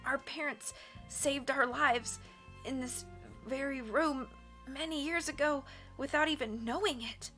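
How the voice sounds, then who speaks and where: A woman's voice: sits high, moderate pace, a bit bright, faint music behind, voice pushed up. A woman voicing a frightened teenage girl, sick with poison, who speaks in a feeble wheeze. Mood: weak, frantic.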